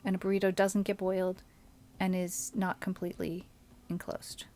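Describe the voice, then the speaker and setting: A woman streamer giving casual commentary while she plays a game, thinking aloud and often dropping to a soft mutter. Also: medium pitch, completely flat delivery, normal speed, a little hiss or hum.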